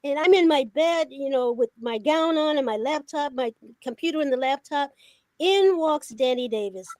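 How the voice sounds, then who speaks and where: A woman's voice: high-pitched, normal speed, dry recording. An older woman, a veteran journalist, telling stories from her career in a casual conversation and acting out the dialogue she recalls. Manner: animated storyteller who acts out quoted dialogue. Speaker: veteran journalist, talk show guest. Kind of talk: casual storytelling.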